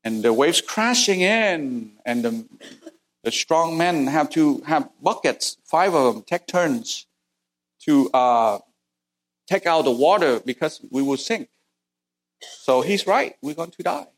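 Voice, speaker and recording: Earnest middle-aged preacher from Vietnam. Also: male voice, lively intonation, slow. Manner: earnest storytelling, voice climbing high at intense moments. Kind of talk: sermon with personal testimony.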